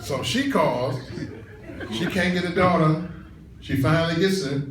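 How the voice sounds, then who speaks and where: A man lecturing at a conference, telling stories in a loose, animated way and laughing as he goes. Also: a little high, unhurried, a crowd in the background. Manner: colloquial, animated, laughs through his stories. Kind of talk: storytelling talk to an audience. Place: conference room. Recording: echoey room, far from mic, noisy.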